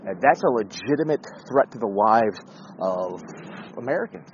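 Blunt male commentator, casual and profane, animated intonation, slightly dull sound. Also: on the low side, moderate pace, a little hiss or hum. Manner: blunt, profane, conversational, with restarts.

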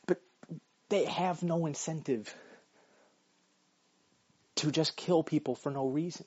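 A man with a slightly high, husky voice rants bluntly and swears constantly, his pitch swinging widely as he argues. He talks while walking his dog, and the recording sounds dull and lo-fi. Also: measured pace, long pauses, mellow. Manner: profane, blunt and argumentative. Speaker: vlogger. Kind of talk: casual ranting monologue.

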